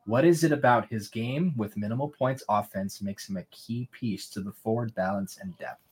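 A man's voice: fairly low pitch, normal speed, darkish tone, breathy edge. A man, the show's producer, reading out listener questions in a jokey, casual way. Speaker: podcast producer.

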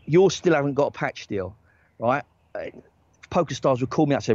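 A man who works as a talent agent, telling a story in casual chat, animated and rapid-fire, often checking in with "right?". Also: mid-range voice, lo-fi sound.

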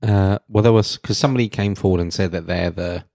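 A podcast co-host speaks in a very low voice and often hesitates or restarts. The sound is dry and close, in casual chat. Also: male voice, steady tone, fairly quick, dark tone, no room sound.

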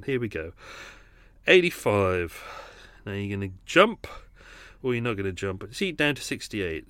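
A British podcast host rambles and grumbles in casual, unedited chat from a room at home, shaken and a little breathless, often interrupting himself. His medium-pitched voice is sing-song and sharp, at a moderate pace, with no echo.

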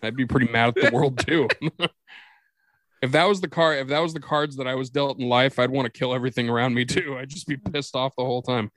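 A man's voice: mid-range voice, steady tone, brisk, fairly bright tone, no echo. A man hosting a podcast, riffing on a bad movie in casual chat, swearing and laughing often. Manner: profane, laughs often, jokey. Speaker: podcast host.

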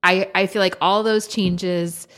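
A woman's voice: medium pitch, fairly even intonation, takes it slowly, fairly bright tone. A woman in her thirties co-hosting a podcast, chatting reflectively and casually with plenty of "like" and "um". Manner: reflective, conversational, with fillers like "like" and "um". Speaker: podcast co-host. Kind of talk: casual chat.

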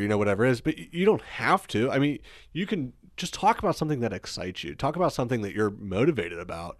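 A man's voice: medium pitch, very animated, fast talker, no echo, clean studio sound. A man who is a guest on a podcast, talking earnestly and encouragingly about business, with lots of "you know"s. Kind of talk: casual conversation.

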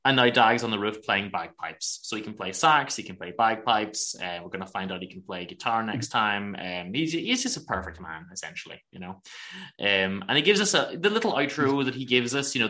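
A man's voice: on the low side, sing-song, moderate pace, pushed and bright. A man co-hosting a podcast, casually retelling a TV episode and laughing often as he goes. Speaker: podcast co-host. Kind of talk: casual chat recapping a TV episode.

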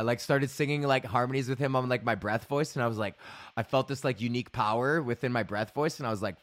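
A man's voice: medium pitch, fairly bright tone, no echo, clean studio sound. A young man hosting a podcast, telling loose, profane stories in a rambling casual monologue. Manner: loose, profane storytelling with laughs. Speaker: podcast host and comedian.

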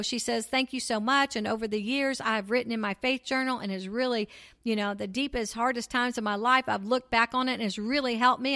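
Animated woman sharing faith testimony. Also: fairly high pitch. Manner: animated, preacherly storytelling that builds to excited exclamations. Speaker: podcast host. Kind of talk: faith-based testimony talk.

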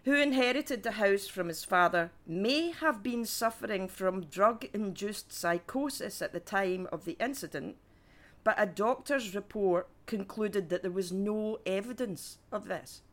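A woman's voice: medium pitch, a little slow. A woman on a comedy podcast panel, ranting with incredulous exclamations.

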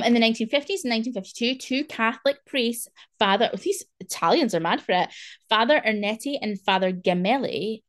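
A young woman hosting a podcast, chatting in a rambling way full of fillers. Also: mid-range voice. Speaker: podcast host. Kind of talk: casual chat.

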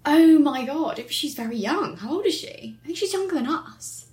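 A woman's voice: high-pitched, animated, normal speed, a little mellow. A young woman co-hosting a podcast, sounding nasal from a cold, telling stories in a chatty way with lots of fillers. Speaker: podcast co-host. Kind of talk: casual chat.

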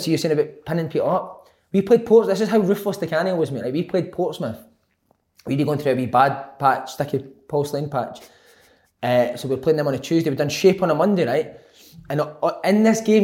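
A man, a former footballer telling animated stories in casual chat, laughing often and acting out quotes. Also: a little high. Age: 20s at the time, now older.

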